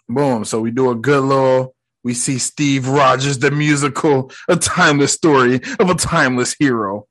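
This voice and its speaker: A man's voice: medium pitch, very animated, normal speed, fairly bright tone. A young man hosting a podcast, recapping a movie in casual slang and mocking the characters in quoted voices. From United States. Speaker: podcast host.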